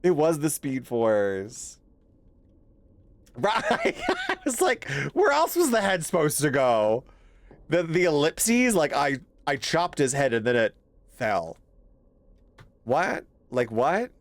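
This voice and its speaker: A male streamer talking casually over a spooky game, his pitch bouncing all over as he reacts. He laughs a lot, drops the odd swear and keeps greeting his chat. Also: takes it slowly, long pauses, no room sound. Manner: animated, laughs often, swears, thanks chat. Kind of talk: casual live gameplay commentary.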